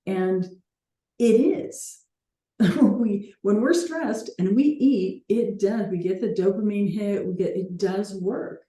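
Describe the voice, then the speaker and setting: A woman's voice: mid-range voice, takes it slowly, mellow, reverberant. A woman hosting a coaching call, talking earnestly and reflectively with light laughs now and then.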